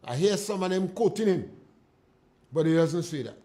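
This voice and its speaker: A man's voice: high voice, lively intonation, moderate pace, dark tone. A man with a Grenadian accent hosting a call-in radio show, giving indignant and emphatic political commentary. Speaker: radio talk show host. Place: radio studio.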